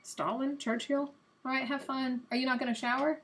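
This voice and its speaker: A young adult woman hosting a live stream, chatting casually and guessing out loud while she plays a quiz game, a little self-mocking. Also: sits high, fairly even intonation, moderate pace, slight background noise.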